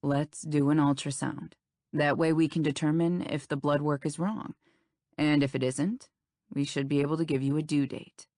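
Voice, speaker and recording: Woman voicing a calm, soothing male doctor. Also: fairly high pitch, normal speed, no room sound, studio quality, close to an everyday voice. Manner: soothing, matter-of-fact. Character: calm reassuring male doctor, middle-aged.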